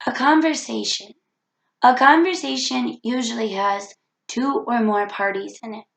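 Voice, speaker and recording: Woman w a cold giving a preachy self-help vlog talk, kinda high gravelly voice, echoey room. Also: fairly even intonation, measured pace, fairly bright tone. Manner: earnest, preachy, repeats key phrases. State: has a cold. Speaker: vlogger.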